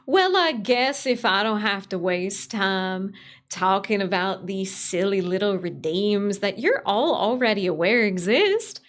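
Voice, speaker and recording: A woman's voice: medium pitch, animated, measured pace. A young adult woman streaming, chatting casually with her chat, repeating greetings and laughing often.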